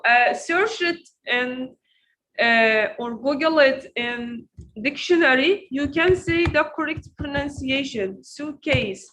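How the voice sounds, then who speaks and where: A woman with a high, bright voice teaches pronunciation in an online lesson. She speaks slowly. She says each word again and again so learners can copy it. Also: rough recording. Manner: slow, repeats words to drill them.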